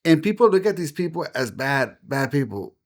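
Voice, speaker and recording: A man's voice: on the high side, very animated, normal speed. A man, a pastor, talking in a casual podcast conversation in an earnest, preacherly way. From United States. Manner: earnest, preacherly, acts out quoted voices. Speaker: pastor and guest.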